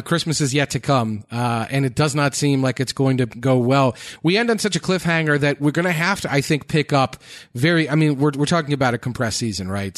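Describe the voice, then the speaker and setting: A man co-hosting a TV discussion podcast, talking thoughtfully through his analysis with frequent filler pauses. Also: medium pitch, no room sound, studio quality. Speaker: podcast co-host. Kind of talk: casual chat analyzing TV episodes.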